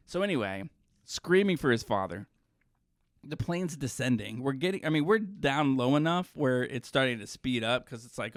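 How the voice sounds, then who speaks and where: A man co-hosting a podcast, an animated, jokey storyteller who sounds exhausted. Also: mid-range voice, moderate pace, no echo, studio quality. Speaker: podcast co-host. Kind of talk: casual chat.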